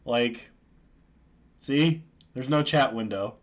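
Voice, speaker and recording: A man's voice: mid-range voice, takes it slowly. A man streaming a card game, giving casual, joking commentary and chuckling often.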